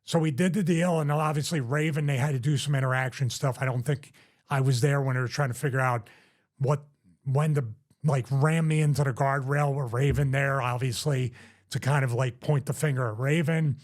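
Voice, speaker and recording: A man in his fifties hosting his own show, telling a story in a casual, animated, self-deprecating way and quickly quoting others. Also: mid-range voice. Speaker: host.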